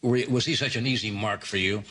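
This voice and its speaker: A man's voice: on the low side, fairly quick, sharp tone. A man hosting a talk show, prompting his guest in an affable, casual way. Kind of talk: casual chat. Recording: noisy old TV broadcast tape. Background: studio audience.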